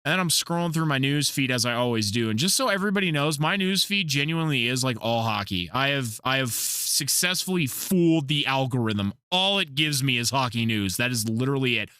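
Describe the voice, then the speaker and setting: A man's voice: medium pitch, lively intonation, fairly quick, hardly any pauses, pushed and bright, clear, resonant tone, no echo, clean studio sound. A man hosting a casual podcast, telling rambling stories and swearing freely. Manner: profane, rambling storyteller. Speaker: podcast host.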